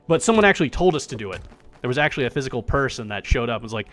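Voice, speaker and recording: A man streaming himself playing an indie survival game, chatting casually with animated, profane, self-mocking commentary. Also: on the high side, racing, faint music behind.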